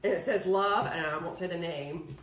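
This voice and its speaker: A woman's voice: fairly low pitch, moderate pace, background noise. A woman co-hosting a casual chat, giving organizing tips and telling stories with frequent laughter. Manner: lively, laughs often, animated storytelling. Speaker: co-host. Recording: echoey room, mic at a distance.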